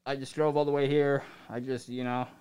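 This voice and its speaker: A man's voice: mid-range voice, little pitch movement, fairly quick, darkish tone, clear, resonant tone. A man telling his story in casual chat, rambling and loose.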